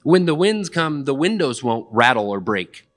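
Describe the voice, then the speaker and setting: A man's voice: mid-range voice, very animated, normal speed. A young man preaching a sermon in a conversational, plainspoken way, with casual asides. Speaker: pastor.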